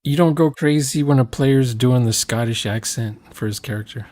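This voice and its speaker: A man's voice: medium pitch, moderate pace, darkish tone, no echo. A man chatting casually about role-playing games, rambling and trailing off with fillers.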